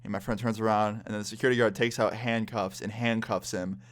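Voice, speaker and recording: A man's voice: on the low side, steady tone, fast talker. A young man telling a casual storytime vlog, swearing freely as he goes. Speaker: vlogger.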